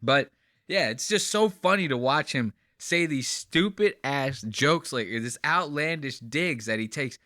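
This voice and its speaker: A man's voice: medium pitch, expressive, unhurried, pushed and bright, no room sound, clean studio sound. A man hosting a podcast, reacting to clips in a loose, rambling, giddy way. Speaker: podcast host. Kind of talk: casual commentary on clips.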